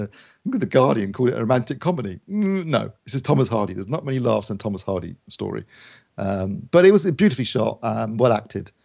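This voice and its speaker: Fast-talking gravelly man reviewing films. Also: on the low side, darkish tone. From United Kingdom. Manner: rambling, many ums and restarts. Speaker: podcast film reviewer. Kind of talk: casual podcast chat.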